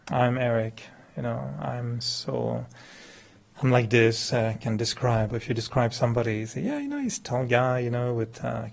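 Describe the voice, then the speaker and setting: This middle-aged meditation teacher, a non-native English speaker, delivers a chatty and humorous spiritual talk. He often laughs at himself and acts out quoted dialogue with large pitch leaps, his darkish voice carrying some vocal fry.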